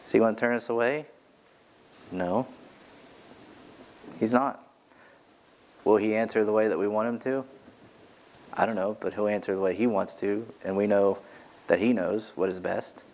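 A pastor preaching a sermon from the pulpit of a church, earnest and emphatic, repeating key phrases for weight. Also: male voice, fairly low pitch, fairly even intonation, moderate pace, long pauses, darkish tone, slight background noise.

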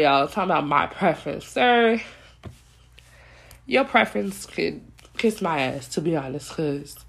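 Young woman ranting on her vlog, blunt and fired up, lots of like and y'all. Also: lowish voice. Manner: blunt, heated, repeats herself, peppered with "like" and "y'all". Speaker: commentary vlogger. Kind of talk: casual rant to viewers.

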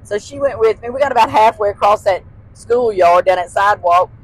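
Husky older Texan woman telling stories. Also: mid-range voice, fairly quick, no echo, rough recording. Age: 60s. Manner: laughs often, folksy Southern phrasing. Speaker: guest. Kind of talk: casual storytelling chat.

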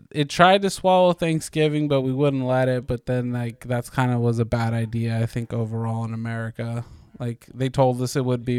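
This is a man in his thirties co-hosting a podcast. His voice is smooth and resonant, at an ordinary middle pitch. He talks in a loose, rambling way, with plenty of likes and casual swearing, and the recording is dry and close. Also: no echo. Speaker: podcast co-host. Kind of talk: casual chat.

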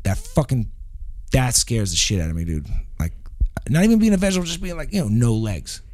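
A man's voice: mid-range voice, very animated, brisk, a little mellow. Profane, easygoing man chatting. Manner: swears constantly, says "dude" often. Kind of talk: casual chat.

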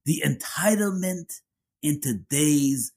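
A man's voice: a little high, expressive, slow, a little mellow, breathy edge. A man talking in casual commentary, emphatic and repeating his phrases for effect.

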